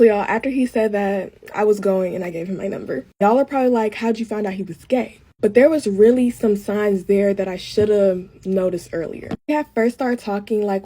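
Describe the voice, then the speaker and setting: A woman's voice: mid-range voice, warm tone, slightly rough. A young woman chatting casually to her viewers as she tells a storytime while doing her makeup. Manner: chatty, keeps addressing viewers as y'all. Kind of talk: casual get-ready-with-me storytime.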